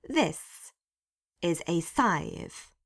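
Cast: stern young governess, unimpressed and clipped, a woman reading her, slow and gravelly. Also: lowish voice, lively intonation, heavily acted. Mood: grim.

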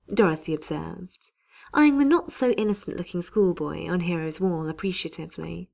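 A woman's voice: on the low side, moderate pace, vocal fry, a little mellow. A woman reading a lighthearted office story aloud, voicing each character herself. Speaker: story reader. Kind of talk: reading fan fiction aloud.

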